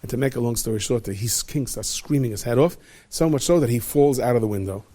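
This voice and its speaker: Lively storytelling rabbi, a man. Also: medium pitch, fast. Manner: lively, conversational, acts out every character. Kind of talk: animated storytelling to students.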